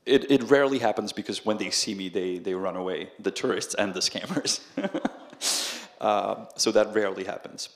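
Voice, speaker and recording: A man's voice: lowish voice, normal speed. A young man from the Czech Republic with a Czech accent, a guest in a casual interview who tells stories with lots of laughter and acts out the people he quotes. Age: young adult. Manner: animated, laughs often, acts out quoted voices. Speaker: guest, video creator. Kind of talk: casual storytelling conversation.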